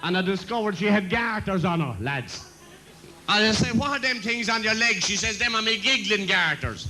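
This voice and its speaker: A man's voice: high voice, animated, normal speed, bright, forceful tone, rough recording. A man doing bawdy stand-up jokes on stage, chuckling at his own punchlines. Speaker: comedian and compere.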